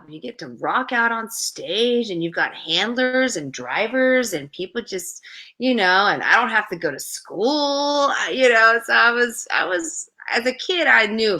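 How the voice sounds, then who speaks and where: Bright, lively woman telling stories. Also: a little high, moderate pace. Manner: chatty, acts out voices in her anecdotes. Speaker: guest. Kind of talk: animated storytelling in an interview.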